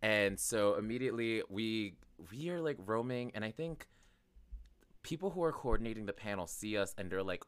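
Lively low-voiced man telling a story. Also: moderate pace, clean tone. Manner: animated storytelling, lots of "like", quoting himself. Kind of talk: casual chat.

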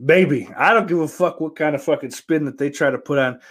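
A man's voice: on the high side, fairly quick, hardly any pauses, fairly bright tone, slightly rough. A man hosting his own show, talking in a loose, rambling, profanity-heavy monologue. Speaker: podcast host.

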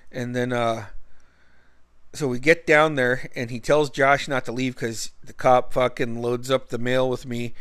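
A man's voice: mid-range voice, a bit bright, clean tone, no echo. A man from Alaska telling a rambling personal story in a casual way, swearing heavily and using lots of fillers. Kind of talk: casual spoken anecdote.

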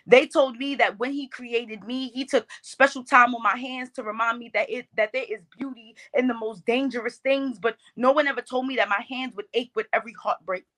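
A woman's voice: on the high side, steady tone, fairly quick, hardly any pauses, a bit bright. Woman performing spoken word poetry. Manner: rhythmic, emphatic delivery. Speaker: poet.

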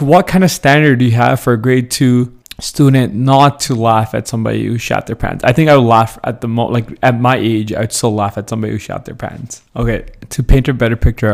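Gravelly young man telling stories. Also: fairly low pitch, darkish tone. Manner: laughs often while telling stories. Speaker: podcast host. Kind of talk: casual storytelling.

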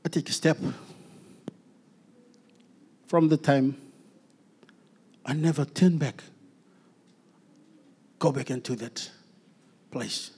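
Husky, earnest preacher man, halting. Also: a little high. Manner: earnest, halting, with repeated restarts and soft trailing phrases. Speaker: preacher giving testimony. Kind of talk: personal testimony sermon.

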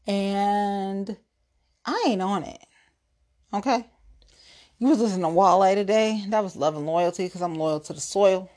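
A woman's voice: medium pitch, measured pace, long pauses, darkish tone. A woman hosting her own podcast, a tipsy solo rant that is blunt, profane and threatening. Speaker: podcast host.

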